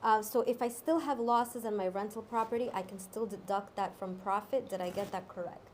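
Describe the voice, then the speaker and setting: A woman's voice: mid-range voice, fairly even intonation, fairly quick, a little hiss or hum. A woman helping on a live stream, reading out viewers' questions from the chat in a plain way.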